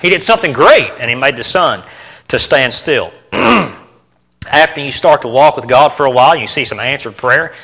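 Bright-voiced man preaching a sermon. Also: medium pitch, normal speed, husky. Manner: animated, rhetorical questions to the congregation.

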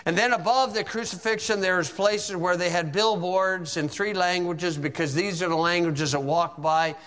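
A man's voice: high-pitched, fairly even intonation, moderate pace, a bit bright, long reverb tail. A man preaching a sermon, retelling events in vivid, dramatic storytelling.

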